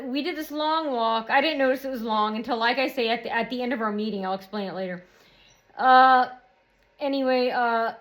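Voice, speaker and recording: A woman's voice: fairly high pitch, fairly bright tone. A woman talking straight to camera in a rambling personal monologue, repeating herself and circling back to her point. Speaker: vlogger.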